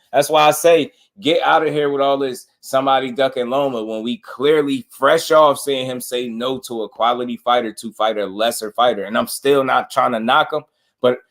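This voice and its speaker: A man hosting a casual boxing livestream, talking in slang, laughing and riffing on viewer comments. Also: mid-range voice. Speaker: boxing show host.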